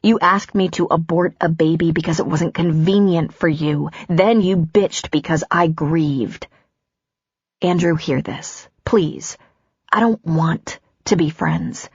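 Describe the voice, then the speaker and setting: A woman's voice: low voice, slow pace, slightly rough, no room sound, highs cut off, full character voice. A woman narrator voicing a hurt, angry woman doctor who is ending a relationship, her voice raised and bitter. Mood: bitter, wounded.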